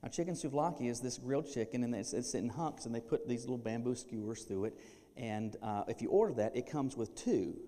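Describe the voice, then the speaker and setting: A pastor delivering a sermon, animated, breaking into playful acted asides. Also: male voice, mid-range voice, fairly quick. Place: church sanctuary. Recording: long reverb of a church hall.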